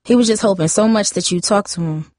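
A woman reading a novel aloud, voicing a defensive, chatty fourteen-year-old girl with high, emphatic outbursts. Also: fairly quick, warm tone, no room sound, clean studio sound, natural voice. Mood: earnest.

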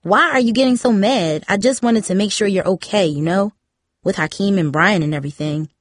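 A woman's voice: medium pitch, fairly quick, no room sound, clean studio sound, lightly acted. A woman voicing a prying teenage girl who presses insistently. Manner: insistent, needling.

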